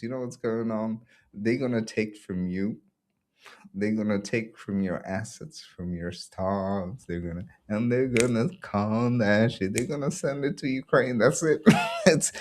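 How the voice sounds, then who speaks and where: A fairly low-pitched man hosts his own show and talks through it in a loose, sarcastic rant. He mocks what he criticises, breaks into laughter again and again, and keeps a casual, off-the-cuff tone. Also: a little mellow. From Belgium. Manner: ranting, sarcastic, laughs often. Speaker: podcast host. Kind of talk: casual opinion commentary.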